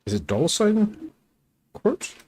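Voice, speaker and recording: A man's voice: high-pitched, very animated, takes it slowly, a little mellow, husky. A man guesting on a stream, chatting casually in a rambling way, full of fillers and giggles. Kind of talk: casual chat.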